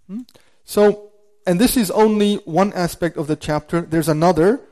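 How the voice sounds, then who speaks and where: A man gives a religious lecture in a warm, dark-toned voice that sits a little high. He breaks down Arabic terms word by word, weighting the key ones, and now and then drifts away from the mic. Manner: recites Quranic Arabic quickly. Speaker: Islamic lecturer.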